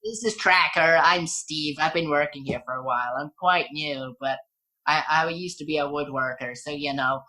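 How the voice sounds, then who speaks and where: A woman's voice: low-pitched, normal speed, sharp tone. A woman voicing a cheery, tired young male village craftsman who talks eagerly. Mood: chatty.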